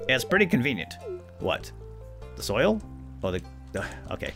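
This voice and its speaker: A man's voice: low-pitched, fairly quick. Guy doing playful let's play commentary, voice jumps all over, chats to game characters, some music behind. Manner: animated, jokey, talks to game characters. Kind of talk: casual gameplay commentary.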